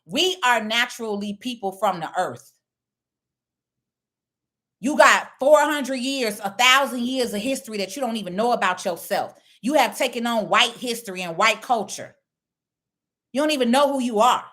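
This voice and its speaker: Blunt, preachy woman with a bright voice. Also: a little high, expressive, moderate pace. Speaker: online commentator. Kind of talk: casual direct-to-camera talk.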